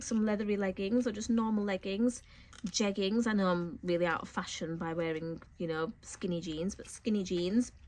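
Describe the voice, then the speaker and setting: A woman chatting through a sewing haul vlog, coughing and a little short of breath from a cold. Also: mid-range voice. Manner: chatty, animated storytelling. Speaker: sewing vlogger.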